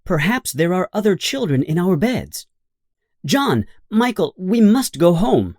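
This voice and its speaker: Earnest young girl voiced by a man, motherly, high voice, storybook, dry recording. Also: big pitch swings, moderate pace, dark tone, no echo. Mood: worried. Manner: raised, earnest pleading.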